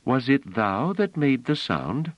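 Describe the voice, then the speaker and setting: A man voicing a gentle woman who speaks in a soft, old-fashioned formal way. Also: mid-range voice, sing-song, slow pace, no echo, dull audio, pitched above the performer's own voice. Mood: curious.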